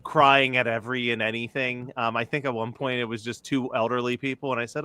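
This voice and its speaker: Bright-voiced chatty man, laughing often. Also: mid-range voice, level tone, brisk, hardly any pauses, clean tone, no room sound. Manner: chatty and laughing, self-deprecating storyteller. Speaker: podcast producer and panelist. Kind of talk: casual panel chat on a livestream.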